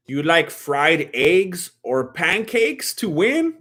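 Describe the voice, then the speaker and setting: Brief: easygoing male streamer, slangy and chatty, fairly high voice, laughing as he reads chat. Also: very animated, takes it slowly, few pauses, sharp tone. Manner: laid-back and slangy, reads chat questions aloud and laughs often. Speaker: fight watch-along streamer. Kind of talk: casual livestream chat.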